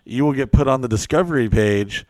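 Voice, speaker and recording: A man hosting a podcast, swearing freely as he tells animated stories at an ordinary pitch. The sound is close and dry, with no room around it. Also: brisk, dry recording. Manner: profane, animated storyteller. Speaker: podcast host. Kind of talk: casual storytelling chat.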